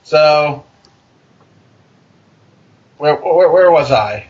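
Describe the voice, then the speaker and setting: A man reading fan fiction aloud for comedy, with joking, deadpan asides. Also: a little high, unhurried, long pauses, lo-fi sound.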